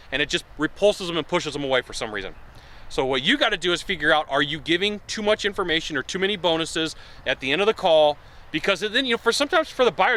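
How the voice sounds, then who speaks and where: A man giving casual to-camera sales advice, acting out buyers' lines in an animated way, recorded outdoors. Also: a little high, quick pace. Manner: animated, acts out buyer dialogue. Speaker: sales consultant.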